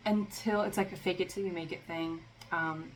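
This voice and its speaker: A woman's voice: lowish voice, steady tone, normal speed, slight background noise, rough recording. A woman giving a casual spiritual tarot reading, talking in a loose, rambling way with lots of fillers and a sarcastic streak. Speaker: tarot reader.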